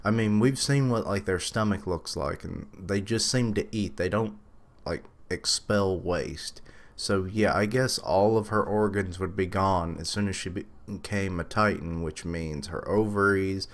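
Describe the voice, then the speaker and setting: Low-voiced man thinking aloud. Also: a little slow. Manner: thinking aloud, musing and correcting himself. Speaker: reaction streamer. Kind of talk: live reaction commentary, reading manga aloud.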